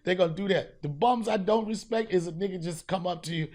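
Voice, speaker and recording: A man hosting a podcast, telling a street story in casual chat, profane and animated, acting out the people he met. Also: high-pitched, quick pace. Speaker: podcast host.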